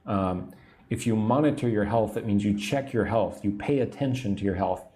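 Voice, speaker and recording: A man teaching English on a livestream, speaking slowly and patiently, repeating phrases and explaining words simply while reading chat comments. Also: fairly low pitch, warm tone. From United States.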